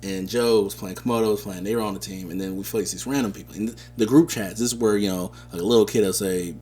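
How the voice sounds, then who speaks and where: A man co-hosting a podcast, telling stories in a casual, animated, slangy way. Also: on the low side, quick pace, slightly rough, faint music behind. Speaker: podcast co-host. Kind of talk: casual chat.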